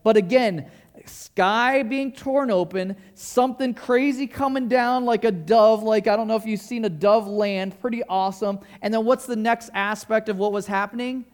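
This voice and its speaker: A male pastor with a high-pitched voice at normal speed preaches to his congregation during a church service, casual and enthusiastic, often posing questions to the listeners.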